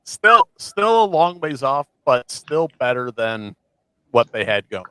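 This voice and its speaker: A man's voice: mid-range voice, sing-song, slow pace, pushed and bright, clear, resonant tone, no room sound, poor audio. Guy hosting a casual podcast, rambly, lots of ums, dead dry close mic. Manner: rambling, many fillers and restarts. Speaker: podcast host. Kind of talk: casual chat.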